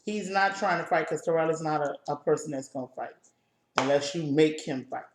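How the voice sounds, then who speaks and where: Woman, New Orleans accent, casual storytelling, animated, roomy echo. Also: low-pitched, a little fast. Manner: lively, animated, acts out voices in her stories. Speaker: co-host.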